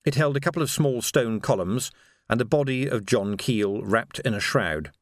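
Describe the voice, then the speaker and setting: Guy narrating an audiobook, lively up-and-down voice, dry close sound. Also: medium pitch, normal speed, no echo. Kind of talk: scripted narration.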